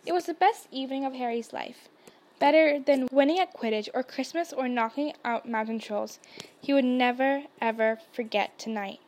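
A woman's voice: sits high, normal speed, darkish tone. A woman reading a children's fantasy story aloud as narrator, with small shifts in her voice for the dialogue.

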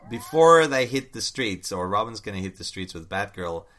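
A man co-hosting a casual comics chat, animated and laughing often, turning to his co-host with questions. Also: lowish voice, moderate pace. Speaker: podcast co-host discussing comics.

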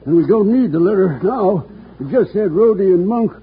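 An actor playing a beaten, weary old rancher in a 1950s radio western, shaky and worn out. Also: male voice, high voice, lively intonation, moderate pace, breathy edge, full character voice. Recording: thin, phone-like old radio broadcast.

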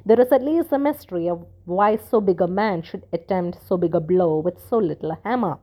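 Brief: woman reading as a stolid little priest in a storybook, calm, small and dull-toned. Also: lowish voice, a little fast, lightly acted. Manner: quiet, small colourless voice. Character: short, stolid little male priest, quiet and dull-voiced.

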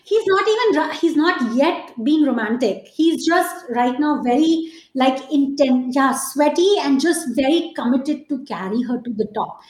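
A woman chats about films on a podcast in a high voice, laughing often as she talks. The recording has a roomy echo. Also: unhurried, few pauses. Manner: animated, laughs often while talking. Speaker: podcast co-host. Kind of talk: casual film chat.

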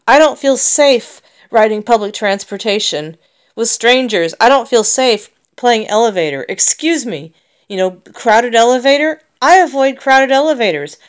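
A woman's voice: fairly high pitch, measured pace, smooth. An American woman talking in a personal vlog monologue, emotional and rambling, with many restarts. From United States.

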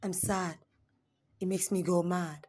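Husky woman performing spoken word. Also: fairly low pitch, fairly even intonation, takes it slowly. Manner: dramatic, swings between raised pleading and hushed whispers.

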